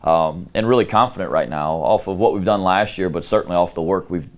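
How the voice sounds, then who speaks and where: A middle-aged man with a notably deep voice speaks as a head football coach in a sit-down interview. He talks in a relaxed, candid way, leaning on easy filler phrases as he thinks aloud. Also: a little fast. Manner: relaxed, candid, peppered with "you know".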